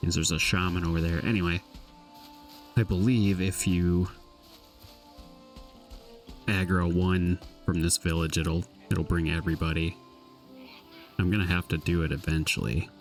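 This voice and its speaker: A man giving casual, relaxed commentary on his own gameplay, thinking aloud and trailing off mid-thought. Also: sits low, normal speed, pauses often, distant mic, faint music behind. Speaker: gameplay streamer.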